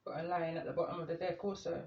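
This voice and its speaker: A man doing a calm, meandering tarot reading, reading the cards aloud as he draws them. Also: on the high side, quick pace, very noisy. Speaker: tarot reader. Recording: echoey room, muffled lo-fi sound.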